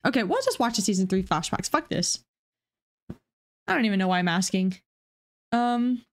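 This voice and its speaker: A woman giving casual, excitable reaction commentary on a video game, swearing freely and thinking out loud. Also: mid-range voice, normal speed. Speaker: gaming reaction streamer.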